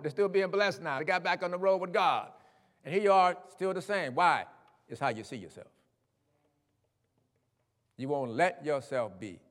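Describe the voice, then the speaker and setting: A male preacher with a high voice talks straight to his listeners in a folksy, conversational sermon. His voice carries a long reverb, and he sinks low for quiet asides. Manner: conversational, direct address to listeners. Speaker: pastor.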